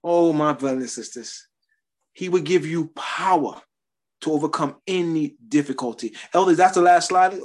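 A man's voice: on the high side, moderate pace. Man preaching a personal testimony. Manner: testimonial, conversational preaching with emphatic rises. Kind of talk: sermon.

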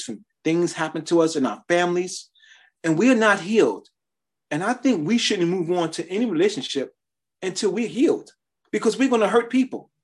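A man's voice: high-pitched, breathy edge. A man preaching a sermon, sharing his testimony in a conversational style with emphatic rises.

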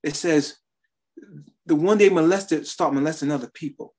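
A man's voice: on the high side, normal speed, darkish tone. A man preaching a sermon, sharing his testimony in a conversational style with emphatic rises.

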